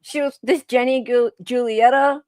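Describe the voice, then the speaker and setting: A woman's voice: a little high, steady tone, normal speed, darkish tone, no echo. An Australian woman hosting casual true crime commentary, chatty and sarcastic.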